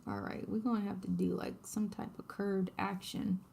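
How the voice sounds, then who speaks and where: A woman's voice: medium pitch, flat delivery, moderate pace, gravelly, darkish tone, a little hiss or hum. A woman, chatting casually with her viewers on a craft livestream while she embroiders. She talks to her audience, laughs often and narrates her work as she goes.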